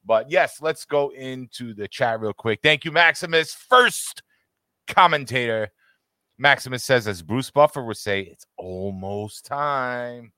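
A man's voice: medium pitch, expressive, a little slow, pushed and bright, dry recording. Upbeat man hosting a live fan chat. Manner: upbeat, greets chat viewers by name. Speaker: podcast co-host. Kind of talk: casual live-stream chat. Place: home studio with green screen.

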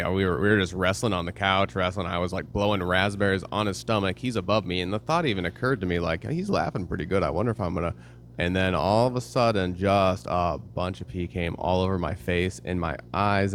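A man's voice: low-pitched, steady tone, fairly quick, hardly any pauses, a bit bright, a little hiss or hum. A young man hosting a casual interview, joking and telling stories animatedly. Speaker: podcast host.

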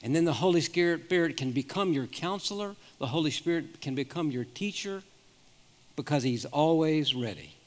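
A man's voice: fairly high pitch, expressive, moderate pace. Older man preaching in an echoing hall. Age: 70s. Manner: earnest storytelling with frequent restarts. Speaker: pastor. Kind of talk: sermon with personal stories. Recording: long reverb of a large hall.

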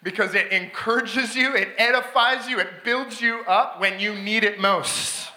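A man preaching a sermon as a guest speaker, telling a story with excitement, frequent restarts and laughter. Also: sits high, a little slow, echoey room. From Canada. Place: church sanctuary.

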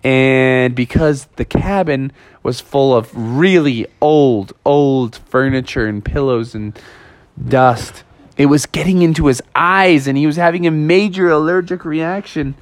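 A man telling a playful children's story with animated, lively narration. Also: mid-range voice, measured pace, no echo.

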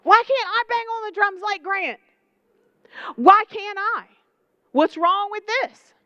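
A young woman preaching a lively, conversational sermon, full of rhetorical questions and asides to the congregation. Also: very high-pitched, slow, no echo, highs cut off.

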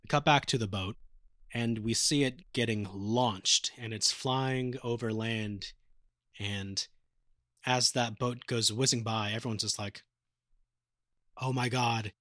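A man's voice: fairly low pitch, fairly even intonation, measured pace, a bit bright, dry recording, clean studio sound. A man co-hosting a podcast, casually retelling anime episodes with a swearing, joking manner. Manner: casual, profane retelling, acting out quotes. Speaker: podcast co-host.

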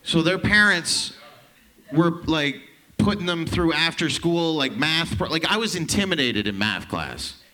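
A man in his thirties from Canada doing a stand-up set, telling profane, rambling stories with quick asides. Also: a little high, expressive, sharp tone. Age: 30s. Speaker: stand-up comedian.

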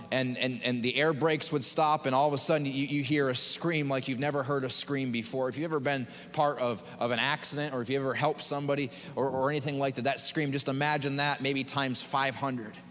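A man's voice: mid-range voice, steady tone, fairly quick, hardly any pauses, a bit bright. A man preaching a sermon as pastor, in an impassioned, dramatic way with repeated phrases. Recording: long hall reverb.

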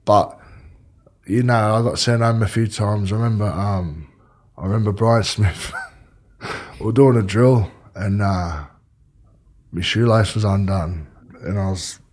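A man's voice: fairly low pitch, unhurried, pauses often, a little mellow. A man with an Australian accent, a former rugby league player, telling rambling stories and swearing freely in casual chat.

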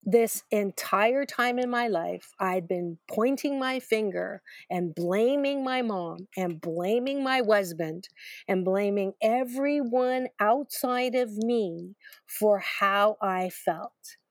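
As a guest, a middle-aged woman author shares her life story, repeating herself for emphasis and poking fun at herself. She talks slowly in a mid-range voice, with no room sound in the recording.

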